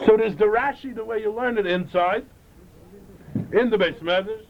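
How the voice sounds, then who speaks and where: A man delivers a Chassidic lecture in a fairly high voice, repeating and restarting phrases as he goes. The recording is dull and lo-fi, with a faint hiss behind him. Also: normal speed.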